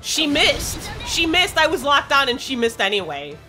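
Woman let's-play host, lively swooping pitch, foul-mouthed and easily panicked. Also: moderate pace, music in the background. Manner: excitable, swears a lot, shrieks when panicked. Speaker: gaming streamer.

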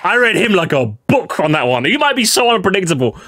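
A man giving excited reaction commentary, making predictions and pleading with the screen. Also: sits high, brisk. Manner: animated, predicting and pleading, bursts of laughter. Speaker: reaction streamer. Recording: music playing under the voice.

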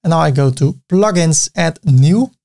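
A man with a Dutch accent, a native Dutch speaker, hosting a screen-recorded software tutorial, narrating each click step by step with casual asides. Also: on the high side, expressive, normal speed, creaky. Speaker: tutorial host.

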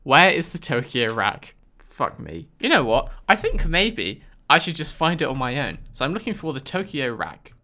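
Lively bright-voiced British man, sarcastic. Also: fairly high pitch, moderate pace, hardly any pauses. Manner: sarcastic and exasperated, talking back at the game. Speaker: gaming video host. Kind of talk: casual gameplay commentary.

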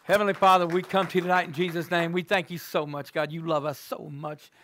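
Fervent preacher man, bright voice. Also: a little high, little pitch movement, brisk, a little hiss or hum. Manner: fervent, swings between hushed and loud exclamations. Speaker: guest preacher. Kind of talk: sermon and closing prayer. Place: church sanctuary.

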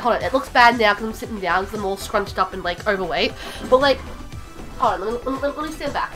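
A woman's voice: a little high, fast talker, a bit bright, soft background music. A woman live-streaming from home, chatting casually and rambling with many fillers and restarts. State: out of breath.

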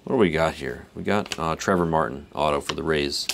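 Very deep and gravelly, this card break host's voice moves fairly quickly over a noisy background. Opening cards on a live stream, he rambles casually, stays laid-back, chuckles between comments, and reads card names out loud.

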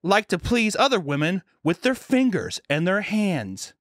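A man's voice: high-pitched, very animated, measured pace, no room sound, studio quality, voice pushed up. A man putting on a blunt female health teacher. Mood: ranting, blunt. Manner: frank, ranting lecture.

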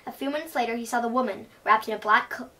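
A woman reading a children's story aloud at a bookstore with an expressive read-aloud delivery. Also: fairly high pitch, fast. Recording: voice from a distance.

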